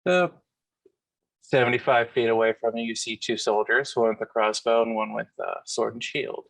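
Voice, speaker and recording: A man running a tabletop game as game master, giving rulings in a relaxed, matter-of-fact way. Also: medium pitch, moderate pace, vocal fry.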